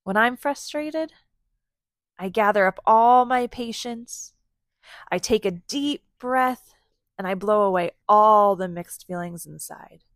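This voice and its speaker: A woman voicing a patient father in a storybook read-aloud, gentle and reassuring. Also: medium pitch, slow pace, dry recording, studio quality, lightly acted.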